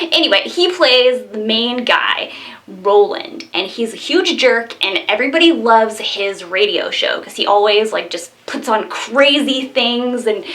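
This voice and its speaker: A young woman casually reviewing a low-budget horror film, bubbly and giggly, full of fillers. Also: a bit bright.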